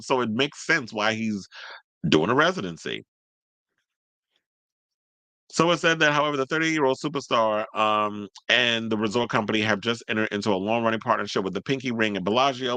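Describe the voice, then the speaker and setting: A man's voice: medium pitch, sharp tone, dry recording. A man giving casual celebrity gossip commentary, sassy and blunt, reading out news and riffing on it. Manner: sassy, blunt, reads news aloud and then riffs on it.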